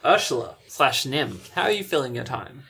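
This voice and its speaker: A woman's voice: extremely low pitch, lively intonation, normal speed, creaky, fairly bright tone, a little hiss or hum. A woman running a tabletop game as game master, narrating with wry, dry remarks.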